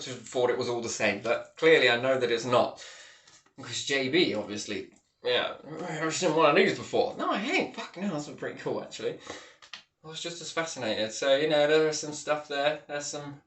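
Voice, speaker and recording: Rambling man in an echoey room. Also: on the high side. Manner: rambling, swings between muttering and loud exclamations. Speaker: vlogger. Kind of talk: casual vlog monologue.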